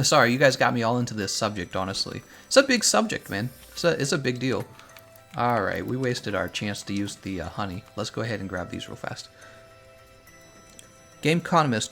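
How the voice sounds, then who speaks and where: Young male game streamer, opinionated and animated, lively up-and-down delivery, faint music under him. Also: mid-range voice. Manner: animated, opinionated, laughs often. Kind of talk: casual livestream chat while playing.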